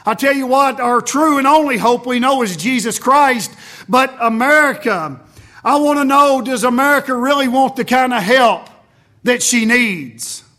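A man preaching an impassioned sermon, swinging between loud emphasis and low, intense passages. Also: normal speed. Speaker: Baptist preacher.

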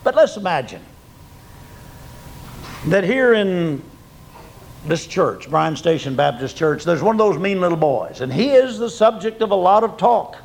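An older preacher with a high, gravelly voice delivers a folksy sermon. He swings from loud, emphatic peaks down to hushed, low endings. He tells homespun stories from the pulpit. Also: big pitch swings, unhurried, long pauses, poor audio. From Oklahoma.

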